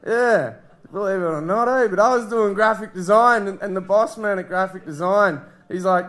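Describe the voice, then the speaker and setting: A young Australian man doing stand-up with a high-pitched voice that rambles crudely and breaks into laughter at his own lines. He is heard from a little way off the mic. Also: moderate pace, a bit bright. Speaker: stand-up comedian. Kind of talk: stand-up comedy set. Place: live comedy club stage.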